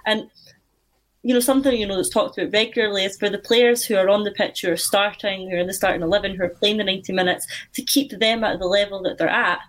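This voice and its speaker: Woman panellist, casual discussion, measured and reflective. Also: medium pitch, fairly even intonation. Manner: thoughtful, hedging with "you know". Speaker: podcast panellist.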